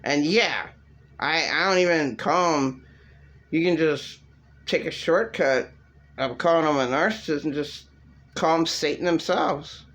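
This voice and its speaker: A woman vents in a rambling, agitated vlog rant that circles back on itself. She speaks slowly in a fairly low voice. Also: fairly bright tone. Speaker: vlogger. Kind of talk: casual rant to camera.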